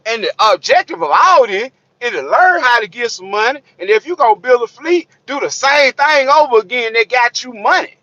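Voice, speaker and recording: A high, sharp-voiced man rants bluntly to camera about trucking money. He swears freely and preaches, circling back over his points again and again. The sound is dry and a bit dull, lo-fi. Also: animated, normal speed, few pauses, no echo. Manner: profane, streetwise, preachy, repeats himself. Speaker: hotshot trucker vlogger. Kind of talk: blunt unscripted rant to camera. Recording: dull lo-fi recording.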